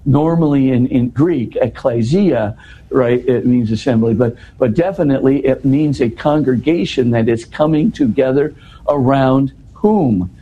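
A man's voice: medium pitch, a little slow, muffled recording, slight background noise. A man explaining a scripture passage in a scholarly but casual way, with frequent restarts and "you know". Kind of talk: conversational explanation.

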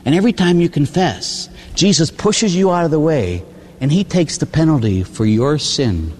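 An older man, a priest, preaching a sermon with animated storytelling, acting out the people he talks about. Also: a little high, moderate pace. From Pittsburgh area, USA. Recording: long hall reverb.

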